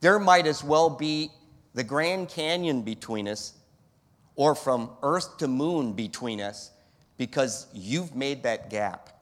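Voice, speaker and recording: A man's voice: medium pitch, animated, slow pace, a bit bright. A man voicing a fatherly God asking searching questions. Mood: sorrowful. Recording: long hall reverb.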